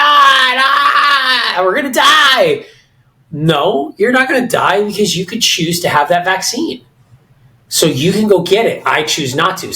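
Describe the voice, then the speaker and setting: A man's voice: a little high, fairly bright tone, rough recording. A middle-aged man with an American accent, talking animatedly and with firm opinions as co-host of a casual podcast discussion, often restarting his sentences.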